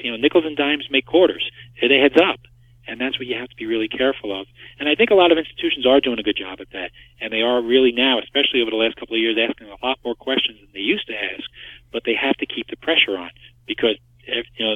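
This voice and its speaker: A man's voice: medium pitch, dry recording. A man being interviewed by phone as a market expert, talking emphatically and driving his points home with rhetorical questions. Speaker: market structure expert guest. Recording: tinny phone line, dry.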